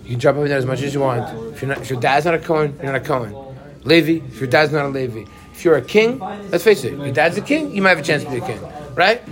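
A man's voice: mid-range voice, fast, crowd noise. A man teaching a Torah class who keeps asking his students questions. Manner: animated, asks the class questions.

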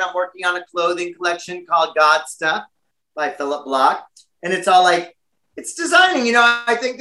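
Brief: American man, chatty interview guest, high and bright, roomy echo. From United States. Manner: chatty and animated, many fillers. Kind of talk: casual interview chat.

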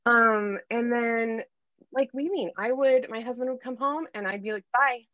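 A woman's voice: on the high side, normal speed, no echo, lo-fi sound. A woman in her thirties, a life coach, telling her story candidly and with animation in a podcast interview.

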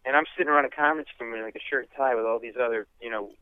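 A male comedian guest telling stories in a rapid, chatty way on a radio interview. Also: medium pitch, clean tone, no room sound. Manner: rapid, chatty anecdotal delivery. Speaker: comedian guest, former lawyer. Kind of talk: animated storytelling. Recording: tinny phone-like line.

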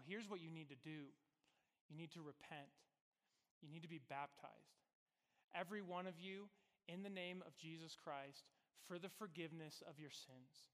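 A man preaching a sermon as pastor, telling the story conversationally and swinging between loud bursts and quiet, hushed lines. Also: high-pitched, big-room sound.

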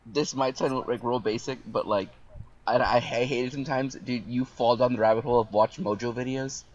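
A man's voice: medium pitch, fairly even intonation, fairly quick, lo-fi sound, slight background noise. A man in casual group chat, emphatic and profane, calling others dude. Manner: emphatic, says dude a lot.

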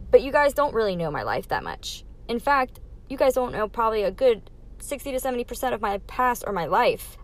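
A young adult woman hosting her own podcast, talking candidly through a numbered list of life lessons in a casual, emphatic way. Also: medium pitch. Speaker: podcast host.

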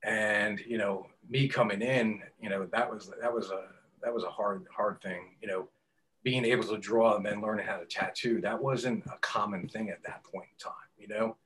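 A middle-aged man, a tattoo artist telling stories in an interview, swearing often and acting out quotes loudly. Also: lowish voice, moderate pace, slight background noise. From New York. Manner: animated, profane storyteller who acts out quotes loudly. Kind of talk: casual storytelling interview.

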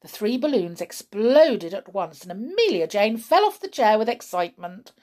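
A woman reading a children's story aloud in an expressive way. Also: mid-range voice, normal speed.

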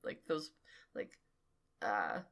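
A woman's voice: very slow, fairly bright tone. A young woman co-hosting a podcast, reading a fanfic aloud in mock-dramatic voices and laughing often. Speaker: podcast co-host.

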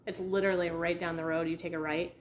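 A woman's voice: fairly low pitch, level tone, fast talker, a little hiss or hum. Rambling woman with a New England accent. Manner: chatty, rambling, lots of likes and restarts. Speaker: vlogger. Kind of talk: casual chat. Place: rented house indoors.

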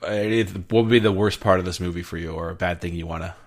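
A man's voice: low-pitched, steady tone, fast talker. A man hosting a casual movie review chat, rambling with many fillers and restarts as he asks questions. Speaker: podcast host.

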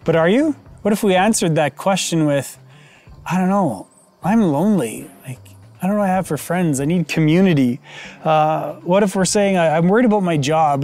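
A pastor giving a conversational sermon, relaxed and explanatory with frequent fillers. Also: male voice, on the high side.

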